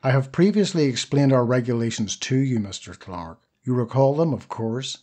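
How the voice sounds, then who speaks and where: A man reading the part of a calm, precise old male weapon shopkeeper in an audiobook, low and quiet. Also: moderate pace, natural voice. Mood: courteous.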